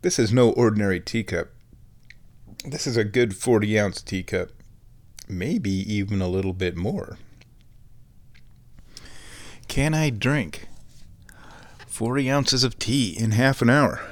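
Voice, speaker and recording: A man's voice: lowish voice, unhurried, long pauses. A man around fifty hosts a casual solo show from home, rambling wryly and chuckling at his own jokes. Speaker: podcast host.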